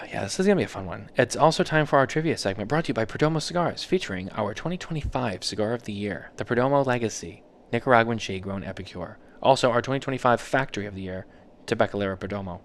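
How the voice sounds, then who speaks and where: A man's voice: fairly low pitch, fast talker, a bit bright, a little hiss or hum. A man co-hosting a podcast in casual chat, rambling and laughing often as he tells stories. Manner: rambling, laughs often, mimics others in quotes. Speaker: podcast co-host.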